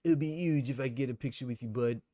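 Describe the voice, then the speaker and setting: A man's voice: medium pitch, fast talker, warm tone, dry recording, studio quality, lightly acted. A man putting on a bragging impression of an older president, rambling and boastful.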